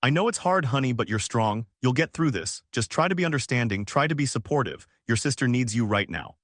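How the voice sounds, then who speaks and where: A man's voice: medium pitch, lively intonation, fairly quick, a bit bright, dry recording. Male reader as a firm middle-aged mother, dry close sound. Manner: firm and placating. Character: stern, even-handed middle-aged mother.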